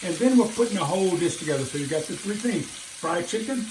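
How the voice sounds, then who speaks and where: Frying food as he walks viewers through a recipe, an older home-cooking-show host talks with enthusiasm in a high-pitched, expressive voice that carries a darkish tone. He's a fast talker. The rough-sounding audio has sizzling and other kitchen noise behind him.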